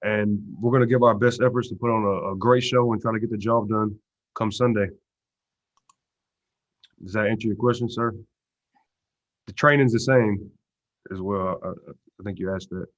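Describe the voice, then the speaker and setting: A football player answering press questions in a relaxed, low-key way, with lots of "you know" and "uh" fillers. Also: male voice, normal speed, pauses often. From Texas. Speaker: pro football player at media day. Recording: dull lo-fi stream audio.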